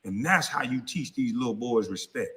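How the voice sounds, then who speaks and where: A man in his thirties rants angrily on camera, cursing and calling people out. His voice is bright and forceful, and it rings out with a long reverb. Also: mid-range voice, animated, normal speed. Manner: angry, cursing, confrontational. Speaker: vlogger. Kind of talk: profane heated rant.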